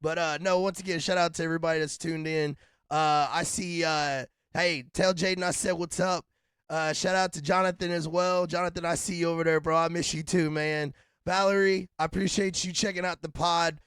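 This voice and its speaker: A man with a raspy, deep voice co-hosting a podcast, chatting loosely with laughs and shout-outs. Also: steady tone, brisk, no echo, studio quality. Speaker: podcast co-host. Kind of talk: casual podcast chat.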